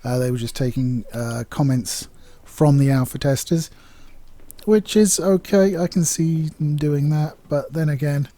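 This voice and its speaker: A man's voice: on the high side, unhurried, dark tone, no room sound. A man giving a casual, candid video game review, chatty and rambling with plenty of fillers.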